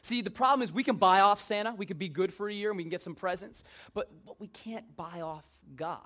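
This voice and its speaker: A man's voice: high voice, fairly quick, bright, forceful tone. A man preaching an informal sermon in a joking, conversational way.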